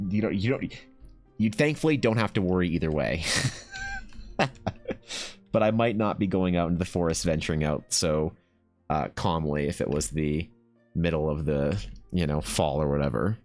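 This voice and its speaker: Low-voiced swearing Canadian man. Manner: rambling, swears freely, frequent fillers. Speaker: streamer. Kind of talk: casual storytelling to live chat.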